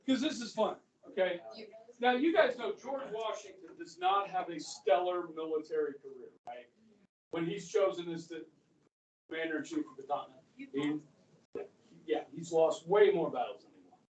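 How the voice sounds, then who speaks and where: Heard from a distance in an echoey classroom, a middle-aged high school history teacher lectures his class in a chatty way, often pausing to ask "okay?". He speaks at a normal speed in a slightly high voice.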